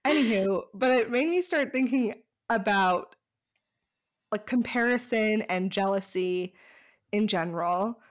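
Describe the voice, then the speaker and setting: A woman's voice: medium pitch, measured pace. A woman co-hosting a podcast in casual chat, chatty and saying "like" often. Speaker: podcast co-host.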